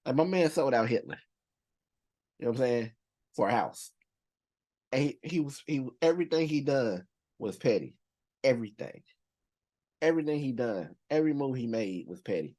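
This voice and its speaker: A young man at a middle pitch riffs through his countdown in loose slang. He circles back on his points and leans on fillers as he talks to his viewers. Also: moderate pace, pauses often. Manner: animated, slangy, rambling with many fillers. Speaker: movie reaction channel host. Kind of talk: casual list commentary.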